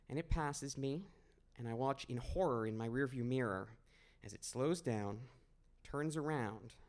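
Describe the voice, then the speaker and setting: A young man from Maine tells a true story on a small stage, in an easy, conversational way with a wry, self-deprecating edge. His voice sits at an ordinary middle pitch. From Maine, USA. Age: 20s. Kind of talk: live personal storytelling.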